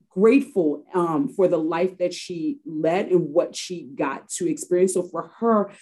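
A woman's voice: medium pitch, dark tone. A woman from Harlem, New York, reflectively telling a personal story as an interview guest, often restarting her sentences. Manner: reflective, with frequent restarts and fillers.

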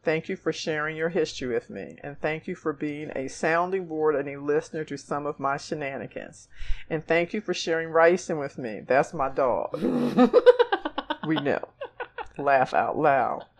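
A woman's voice: low voice, moderate pace, a little hiss or hum. Tearful woman reading a heartfelt letter. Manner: emotional, close to tears, laughs between lines. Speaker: podcast co-host.

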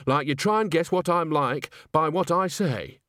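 A folksy, chatty old witch woman, put on by a man reading aloud, cheerful and earthy. Her voice rises a little above his own, with a lively lilt and a dry sound. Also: on the high side, moderate pace, clean tone, no echo, pitched above the performer's own voice.

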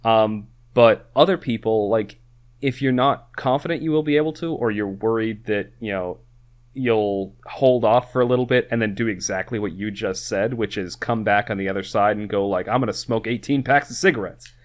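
Man, low voice, podcast co-host, casual rambling chat, restarts and fillers. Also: steady tone, moderate pace.

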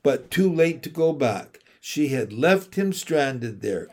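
Slow, deliberate male storyteller. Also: mid-range voice, very animated, a little mellow. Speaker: audiobook narrator. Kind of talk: scripted narration of a children's novel.

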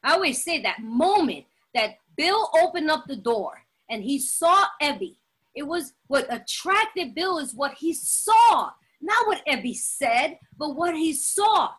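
High, bright, emphatic woman. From Latin American heritage. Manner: animated, emphatic, dramatic storytelling; laughs often while talking. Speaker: recovery meeting speaker. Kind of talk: personal testimony talk.

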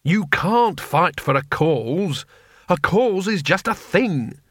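A man's voice: sits high, expressive, slow, a bit bright, dry recording, clean studio sound, voice pushed up, exaggerated voice. A man voicing a cowardly wizard, agitated and sarcastic. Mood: angry, sarcastic.

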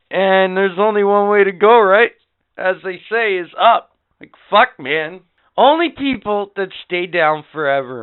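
Man, podcast host, profane rambling talk, smooth voice, tinny phone-like sound. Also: sits high. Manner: profane, rambling, swings loud and quiet. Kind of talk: casual podcast chat. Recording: phone-like lo-fi audio.

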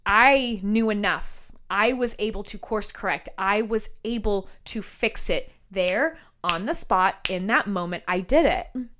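A woman's voice: fairly high pitch, a bit bright. A young woman hosting a podcast and telling a candid personal story, frank and profane, laughing through the hard parts. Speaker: podcast host, hair colorist and trainer.

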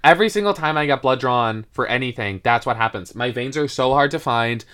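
A young woman co-hosting a casual chat, recapping a TV episode and telling personal stories. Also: fairly quick. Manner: expressive, swings her pitch widely, tells personal anecdotes. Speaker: podcast co-host.

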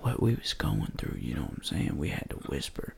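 A man's voice: very deep voice, wildly swooping pitch, fairly quick, vocal fry, breathy edge. A man on a podcast telling a hunting story in casual, profane slang, acting out the quoted lines and dropping to a whisper for them. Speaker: podcast co-host.

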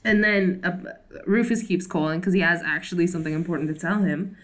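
A woman's voice: lowish voice, a little fast. A young woman co-hosting a podcast, recapping a TV episode in casual chat, with lots of fillers and laughter. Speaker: podcast co-host.

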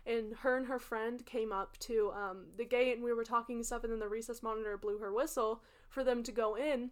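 A woman's voice: fairly high pitch, steady tone, brisk. A young woman co-hosting a podcast, casually telling rambling childhood stories with frequent laughter. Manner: rambling anecdotes, laughs often. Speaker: podcast co-host. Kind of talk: casual chat.

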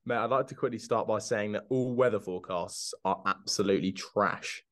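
A man's voice: on the low side, brisk, a bit bright. A man co-hosting a casual podcast, joking and laughing, saying mate a lot, over a video call. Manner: jokey, laughs often, says mate a lot. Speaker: podcast co-host. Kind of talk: casual chat.

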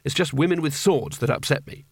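A man's voice: fairly high pitch, brisk, vocal fry, breathy edge, no echo, clean studio sound. A man voicing a nervous, cowardly male wizard who talks in a defensive, whiny way.

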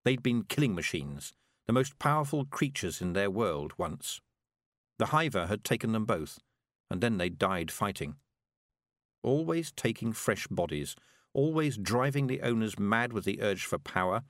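A man reading a storybook aloud as narrator, expressive. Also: lowish voice, dry recording, studio quality. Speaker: audiobook narrator. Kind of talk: scripted narration.

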